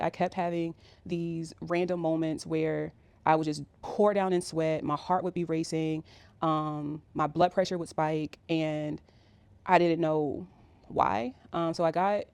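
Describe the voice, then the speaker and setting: A woman's voice: deep voice, darkish tone, smooth, no echo. A woman in her thirties telling a personal story in a casual, rambling way, with many fillers. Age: 30s. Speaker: vlogger.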